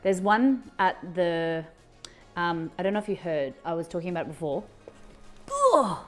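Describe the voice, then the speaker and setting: A woman's voice: on the low side, normal speed. A woman hosts a live cooking stream from her home kitchen. She chats in a loose, rambling way, full of ums and restarts. Faint music plays underneath. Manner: chatty, rambling, with frequent fillers and restarts. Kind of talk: casual chat while cooking.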